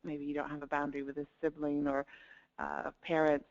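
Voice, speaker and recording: A woman's voice: sits low, monotone, brisk, a little mellow. A woman coach giving a webinar talk, upbeat, laughing lightly between points and demonstrating tones of voice. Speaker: life coach presenting a webinar. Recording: dull lo-fi webinar audio.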